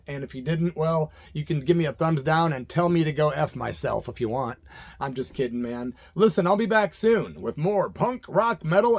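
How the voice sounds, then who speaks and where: A man's voice: a little high, a little mellow. Laid-back man telling a wild story. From Illinois, USA. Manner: laid-back, laughs often, acts out voices in quotes. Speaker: vlogger telling a personal story. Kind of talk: casual storytelling monologue.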